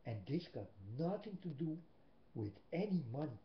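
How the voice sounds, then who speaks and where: Man, Dutch accent, webcam sermon, slow and emphatic. Roomy, muffled webcam sound. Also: fairly high pitch, big pitch swings, a little hiss or hum. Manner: slow, emphatic preaching with long pauses. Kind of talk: religious monologue to webcam. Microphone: built-in webcam mic. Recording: echoey room, dull lo-fi webcam audio.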